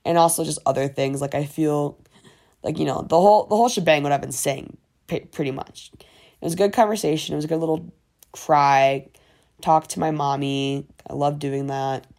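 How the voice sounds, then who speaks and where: A woman's voice: low voice, moderate pace, a little mellow. A young woman in casual diary-style chat, rambling with lots of fillers and frequent swearing. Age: young adult. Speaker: vlogger.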